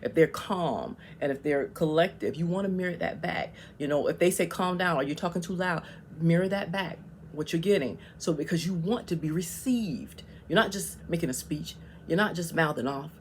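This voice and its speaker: A woman's voice: lowish voice, moderate pace, slight background noise. A woman vlogger giving casual, emphatic advice on communication, often checking in with "okay?".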